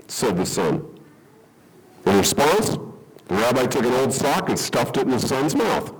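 A man preaches a sermon, telling a story and then reading scripture. He speaks conversationally at a mid pitch and often checks in with his listeners. Faint ambient noise sits behind him. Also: lively intonation, unhurried, rough recording. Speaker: pastor.

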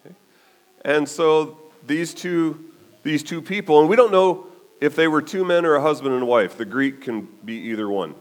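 A man preaching a sermon as a pastor, telling the story with animated delivery and often checking in with "okay?". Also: a little high, normal speed.

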